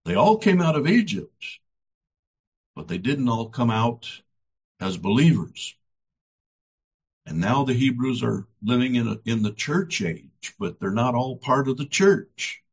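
A man preaching a sermon, building each point through dramatic repetition. His voice is husky, and his pitch rises and falls widely. He speaks at a slow, deliberate pace. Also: big pitch swings. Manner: dramatic, emphatic, repetitive phrasing.

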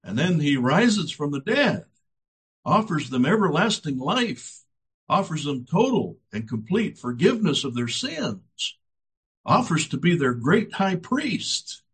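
A man's voice: on the high side, sing-song, measured pace, fairly bright tone, slightly rough. A man preaching a sermon with dramatic, emphatic delivery and repeated phrases.

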